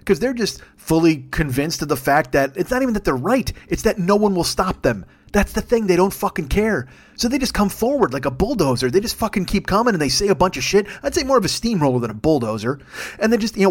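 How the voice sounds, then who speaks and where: A man's voice: high voice, very animated. A man who is a comedian hosting his podcast, ranting furiously and profanely. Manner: profane, furious, rapid-fire. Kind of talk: angry comedic rant.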